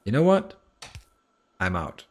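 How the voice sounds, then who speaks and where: A man's voice: lowish voice, big pitch swings, takes it slowly, a little mellow. A game streamer talking to himself while he plays, muttering and breaking into exasperated outbursts, with a Danish accent. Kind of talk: live gameplay commentary.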